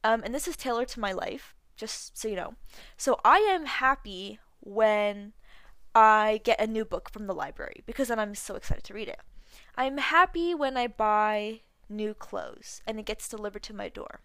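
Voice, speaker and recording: A woman's voice: on the high side, moderate pace, fairly bright tone, no echo. A twenty-one-year-old woman hosting a solo podcast, chatting casually with a slight lisp and lots of fillers. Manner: chatty, lots of likes and ums. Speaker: podcast host.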